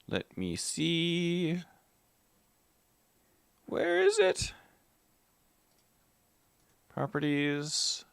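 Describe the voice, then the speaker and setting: A man hosts a casual live stream and talks to his chat while troubleshooting his setup, half to himself. His pitch swings widely, even though he speaks slowly and deliberately. The sound is dry and close, with no room echo. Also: creaky, smooth. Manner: muttering to himself while fixing tech, greeting chat by name.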